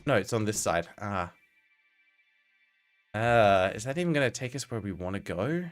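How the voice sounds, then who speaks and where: A man's voice: fairly low pitch, lively intonation, normal speed, faint music behind. A young man streaming a game, chatting to viewers with wry asides and the odd swear. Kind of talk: casual live-stream gameplay commentary.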